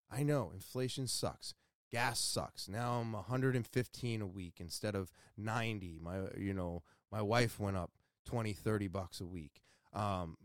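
A man's voice: on the low side, no room sound, clean studio sound. A man hosting a casual solo podcast, talking candidly and swearing freely as he scolds himself, while nursing sore ribs from a torn muscle. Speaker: podcast host.

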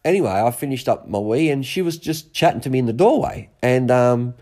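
A man's voice: mid-range voice, animated, a little fast, warm tone. An Australian man co-hosting a podcast, telling a story in a candid, laid-back, joking way. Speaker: podcast co-host. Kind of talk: candid casual chat.

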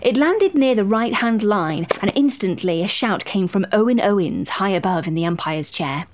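A woman narrating a story in a wry, expressive way. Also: medium pitch, normal speed.

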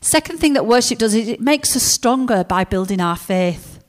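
A woman preaching a sermon, telling stories in a lively way and acting out the characters. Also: a little high, normal speed.

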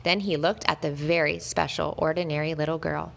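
A woman reading a children's story aloud, gentle and expressive, lifting her voice at the lively moments. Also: low voice, normal speed, vocal fry, few pauses, a little hiss or hum.

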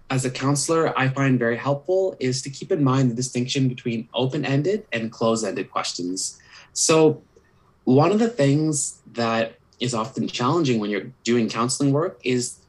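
Speaking in a mid-range voice over poor audio, a young male counselor earnestly walks through communication tips on a podcast. He gives examples and keeps adding "sort of" and "kind of" asides.

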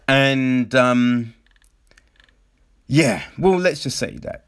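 A man's voice: medium pitch, extremely slow, long pauses. A man giving a casual, exasperated spoken film review, full of fillers, rhetorical questions and mocking quotes. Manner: animated, exasperated, many fillers and mock quotes.

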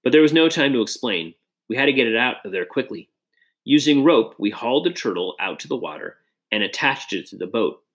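A man reading a children's adventure story aloud in an expressive, dramatic way. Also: mid-range voice, a little fast. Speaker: audiobook reader. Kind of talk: storybook narration.

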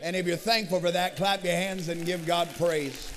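A man preaching a sermon as pastor, swinging from shouted declarations to hushed, intimate passages and calling out to the congregation. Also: high voice, steady tone, normal speed, in a large hall, a little hiss or hum. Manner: dynamic preaching, swings from shouting to hushed tones, rallies the crowd. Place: large church hall.

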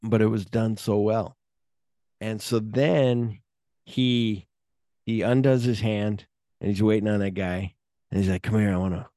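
Man, lowish voice, mellow tone, dry close sound, casual podcast co-host, animated scene retelling, hums music bits. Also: dry recording. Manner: swears casually. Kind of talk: casual film discussion.

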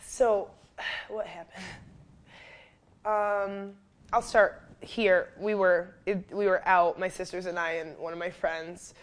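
Lively low-voiced woman telling a story. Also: slow pace. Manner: animated, lots of fillers, acts out quotes loudly. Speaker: fitness trainer and wellness coach, guest. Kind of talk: casual storytelling interview.

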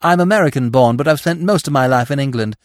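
A man's voice: mid-range voice, fast talker, no echo, studio quality, lightly acted. A man voicing a brash, teasing young actress who talks in a chatty, slangy way, read as an audiobook character.

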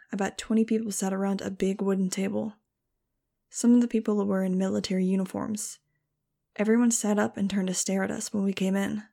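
A woman's voice: medium pitch, creaky, dark tone. A woman reading a first-person audiobook in a wry, casual storytelling manner. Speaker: audiobook narrator.

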